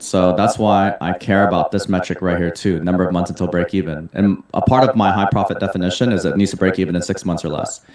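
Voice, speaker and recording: A man's voice: low-pitched, a little mellow. A man hosting a live webinar, reading out audience questions and answering them in an upbeat, salesy way. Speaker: webinar host and mentor. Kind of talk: casual webinar Q&A. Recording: roomy echo.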